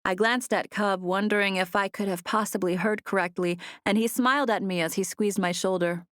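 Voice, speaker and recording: A woman reading a novel aloud in first person, in a measured storytelling manner, on a close studio mic. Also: mid-range voice, steady tone, a bit bright, no room sound. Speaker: audiobook narrator. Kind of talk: scripted first-person narration.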